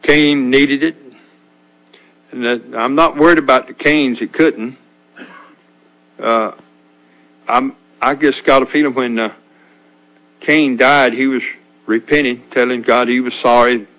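An older man preaching an informal sermon in a folksy, halting way, often restarting his sentences. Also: mid-range voice, fairly even intonation, fairly bright tone, low-quality recording.

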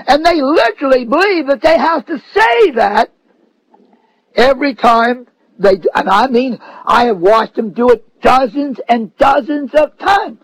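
A man preaching a sermon, emphatic, mocking the views he quotes and rising at times to shouts. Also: very high voice, expressive, measured pace, dry recording, low-quality recording.

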